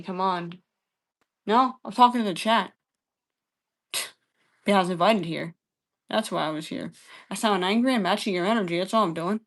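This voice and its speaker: This woman speaks at normal speed with long pauses, her medium-pitched voice fairly bright. She's a combative, profane livestream debater in a heated argument with her chat, scolding them and repeating phrases over and over.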